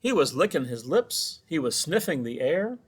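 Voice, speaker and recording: A man's voice: fairly high pitch, big pitch swings, moderate pace, breathy edge. A man who is a children's librarian, reading a picture book aloud with chatty asides to the children.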